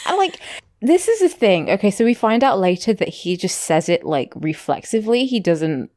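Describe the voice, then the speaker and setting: A woman's voice: medium pitch, big pitch swings, moderate pace, dark tone. A woman co-hosting a podcast, recapping a show in chatty, playful casual talk full of "like". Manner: chatty, uses "like" a lot, playful. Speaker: podcast co-host.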